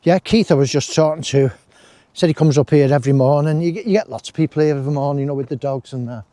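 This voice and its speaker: Fast and fairly high-pitched, with a dark tone, a man chats while walking outdoors through wooded parkland as a walking vlogger. He wanders from topic to topic with friendly asides, and there's no echo on the audio.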